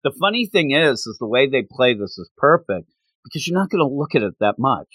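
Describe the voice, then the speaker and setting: A man's voice: mid-range voice, fairly quick, no room sound. A man casually chatting on a podcast, recapping a comic book with lots of laughter and acted-out character lines. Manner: animated storytelling, acts out characters' lines, laughs often.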